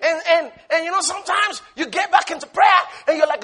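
A man preaching a sermon with fervor, swinging from shouted peaks to hushed asides and laughing as he goes. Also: extremely high pitch, fairly quick, few pauses, a faint crowd.

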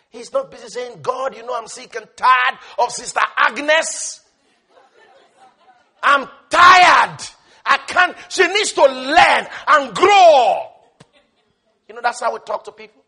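A man preaching a sermon with fervor, swinging from shouted peaks to hushed asides and laughing as he goes. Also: very high voice, slightly rough.

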